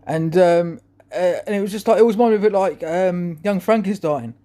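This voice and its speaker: A man's voice: sits high, normal speed, mellow. A man talking to camera in a rambling, chuckling monologue full of restarts. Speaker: vlogger.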